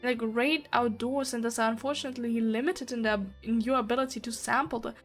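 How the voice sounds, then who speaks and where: A woman reading aloud as a pompous, elegant male noble who speaks in a flowery, formal and condescending manner. The voice sits high, with faint music underneath. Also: steady tone, quick pace, natural voice.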